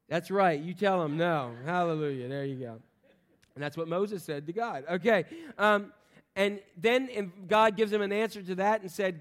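A man preaching a sermon, animated and playful, acting out voices in the stories he tells. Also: high voice. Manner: animated, acts out voices in quotes, jokes with the congregation. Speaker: pastor.

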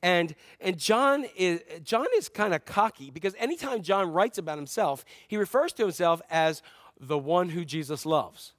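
A man preaching a sermon as a pastor, telling stories in an animated way and acting out scenes with playful humor. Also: high voice, moderate pace, dry recording, studio quality.

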